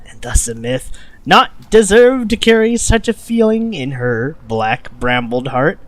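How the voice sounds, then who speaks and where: A man's voice: medium pitch, dry recording. A man voicing an ancient female hag who speaks in riddles with twisted word order, reading game dialogue aloud. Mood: wistful. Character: ancient female night hag, cryptic and possessive.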